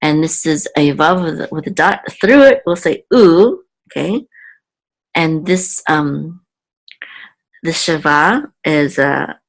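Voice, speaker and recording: A woman teaching Hebrew reading word by word in a patient, halting way, thinking aloud with frequent ums and self-corrections. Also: low voice, expressive, low-quality recording.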